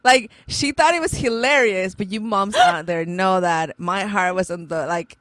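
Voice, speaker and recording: A woman in her thirties co-hosting a podcast, telling a story in lively casual chat and laughing often. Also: medium pitch, normal speed, no room sound. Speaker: podcast co-host.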